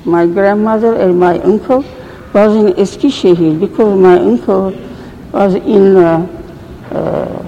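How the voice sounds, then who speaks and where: An older woman recounting her past slowly in a gravelly, mellow voice. Her English is halting and broken, full of false starts. The recording has a long reverb and a faint background hiss. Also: mid-range voice, steady tone, muffled recording. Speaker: survivor giving testimony. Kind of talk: oral history recollection.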